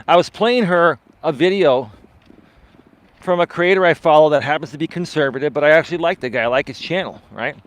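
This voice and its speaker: A man, a life coach, chatting live with viewers while out on a walk, swinging his pitch up and down and often asking "right?". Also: a little fast. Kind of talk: live-stream chat answering viewer comments. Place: outdoors on a walk.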